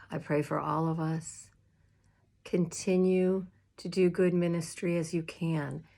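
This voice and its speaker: A woman minister talks to fellow clergy in a loose, heartfelt way. Her voice sits fairly low and she takes her time with each phrase. Fillers and soft laughs run through her speech. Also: flat delivery, slow, vocal fry. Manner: warm, chatty, emotional, with many fillers and laughs. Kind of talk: casual advice talk to clergy. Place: home room with a squeaky chair.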